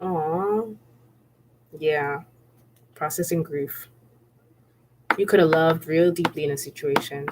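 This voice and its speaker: A woman's voice: low voice, slow pace, pauses often, background noise. Chatty woman giving a tarot reading. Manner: chatty and repetitive, often checking in with "okay?" and "right?"; laughs often while speaking. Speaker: tarot reader. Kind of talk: casual spiritual tarot reading.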